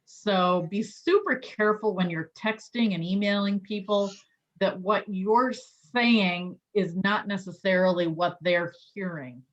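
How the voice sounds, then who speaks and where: A woman's voice: mid-range voice, measured pace. A woman trainer explaining sales skills in a chatty, loose way with many fillers and restarts. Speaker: real estate trainer. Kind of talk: online training talk. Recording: dull lo-fi audio.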